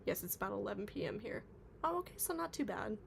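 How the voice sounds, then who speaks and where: A woman's voice: mid-range voice, sing-song, quick pace, gravelly, noisy background. A woman streaming live, chatting casually and reading out viewer comments, with lots of filler words. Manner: chatty, reads chat aloud, many fillers. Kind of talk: casual livestream chat.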